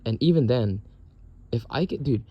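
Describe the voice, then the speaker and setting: A man's voice: mid-range voice, animated, moderate pace, breathy edge, dull audio. A young man in the military venting in a casual, profane, exasperated rant. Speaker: military service member.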